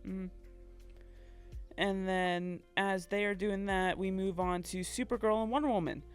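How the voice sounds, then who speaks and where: A woman's voice: medium pitch, fairly even intonation, a little slow, clean tone, soft background music. A woman co-hosting a podcast, recapping a game story in casual chat, acting out the characters' lines and laughing often. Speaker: podcast co-host.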